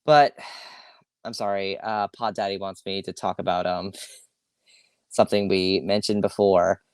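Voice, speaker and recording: A man's voice: sits low, steady tone, a little slow, smooth, no echo, studio quality. Rambling, swearing man on a solo podcast. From Long Island, New York. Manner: rambling, swearing, self-correcting, with sighs. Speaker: podcast host. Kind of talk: casual solo podcast rant.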